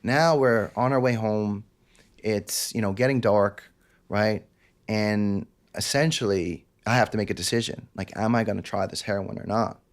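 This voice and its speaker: A man's voice: fairly low pitch, normal speed. Intense New man telling his story. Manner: intense, confessional, acts out quotes. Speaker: podcast guest. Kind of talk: candid interview storytelling.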